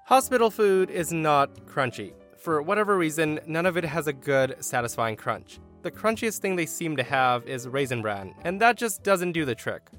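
A man's voice: on the high side, animated, normal speed, hardly any pauses, a bit bright, soft background music. A man hosting a podcast, telling a story in a wry, theatrical way. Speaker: podcast host. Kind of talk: storytelling narration.

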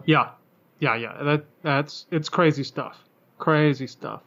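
Male podcast guest, a little high-pitched, hesitant and loose, muffled lo-fi sound. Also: slow pace, a bit bright. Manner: loose, hesitant, swears casually. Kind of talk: casual chat. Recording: dull lo-fi sound.

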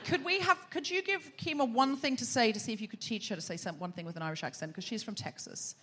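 A woman's voice: fairly high pitch, quick pace, bright, forceful tone. An Australian woman hosting a live comedy podcast on a theatre stage, teasing and bantering with the audience. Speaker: podcast host. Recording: live theatre with crowd and faint noise.

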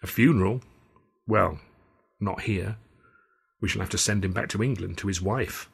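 A man reading the part of a steady, kindly theatre company manager who speaks quietly and bleakly. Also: fairly low pitch, normal speed, vocal fry, husky, exaggerated voice. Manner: quiet, bleak and soft-spoken. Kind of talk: audiobook character voice.

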